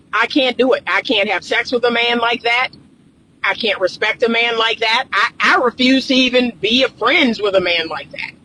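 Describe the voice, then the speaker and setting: A woman's voice: on the high side, sharp tone, a little hiss or hum, poor audio. A woman relationship coach giving reaction commentary, emphatic and lecturing, repeating her points.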